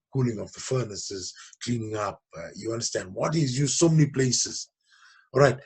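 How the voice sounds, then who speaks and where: Man, teacher, revision lesson, very raspy voice, animated pitch, keeps checking understanding. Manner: repeatedly checks understanding with "okay?" and "you understand?". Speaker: geography teacher.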